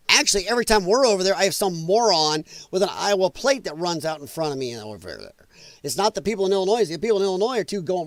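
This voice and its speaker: Animated, swearing livestream host. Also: male voice, high-pitched, fast talker, no room sound. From US Midwest. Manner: loud, profane, laughing often. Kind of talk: casual livestream commentary. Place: home, dog nearby.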